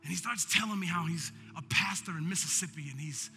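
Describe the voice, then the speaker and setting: A man's voice: fairly high pitch, a little fast, vocal fry, pushed and bright. A man preaching a sermon as pastor, building in intensity, with call-and-response. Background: faint keyboard music.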